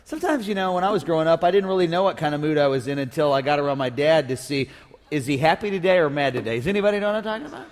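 Male pastor, high voice, playful call-and-response preaching, reverberant sanctuary. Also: racing. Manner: humorous, call-and-response with congregation. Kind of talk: sermon. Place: church sanctuary. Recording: long reverb of a church hall.

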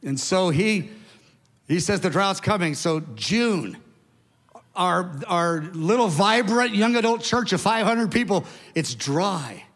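An older man in his seventies with a high-pitched voice preaches to his congregation, spinning a story with animated emphasis and casual asides. His voice rings out through a large church hall with a long, lingering reverb. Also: slow. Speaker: pastor. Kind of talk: sermon storytelling.

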